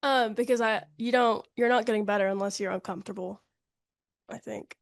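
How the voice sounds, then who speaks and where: A woman's voice: mid-range voice, fairly even intonation, a little fast. A young adult woman on a panel giving earnest, hesitant answers. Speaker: panel guest. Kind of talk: casual answers to questions.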